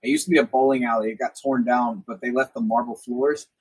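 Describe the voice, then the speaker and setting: A young man with a drawl hosts a casual podcast chat. His voice is husky and breathy at a middle pitch, and he jumps into loud imitations whenever he quotes someone. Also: quick pace, low-quality recording. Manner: animated storyteller, acts out quoted lines loudly. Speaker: podcast host.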